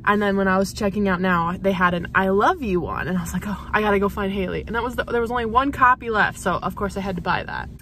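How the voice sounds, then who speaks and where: A young adult woman vlogging in a car, gushing with breathless excitement and laughing often. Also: mid-range voice, fast, hardly any pauses, a little hiss or hum. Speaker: book vlogger. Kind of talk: excited casual vlog chat.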